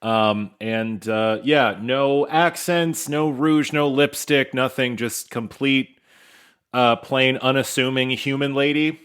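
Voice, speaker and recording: A man as game master, narrating a tabletop game in a relaxed, upbeat and joking way with frequent fillers. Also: medium pitch, slow pace, clean tone.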